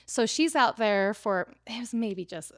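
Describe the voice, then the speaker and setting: A woman's voice: fairly high pitch, expressive, measured pace, a bit bright, dry recording, clean studio sound. A woman in her thirties, a preparedness teacher and interview guest, telling her story casually with lots of "like" fillers.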